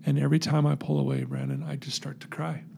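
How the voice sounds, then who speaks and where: A man telling his recovery story in an interview, earnest and animated, acting out the voices in his story. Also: medium pitch, fast talker, vocal fry, a little hiss or hum.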